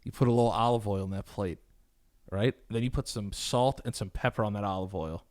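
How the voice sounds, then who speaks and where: A man co-hosting a podcast in casual chat, jokey, animated and quick to swear. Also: on the low side. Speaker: podcast co-host.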